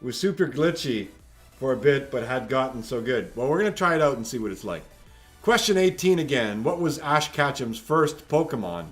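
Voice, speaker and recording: A man's voice: mid-range voice, expressive, moderate pace, faint music behind. A man hosting a live-streamed trivia night from home, reading questions and joking with players in a chatty, teasing way. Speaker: trivia quiz host.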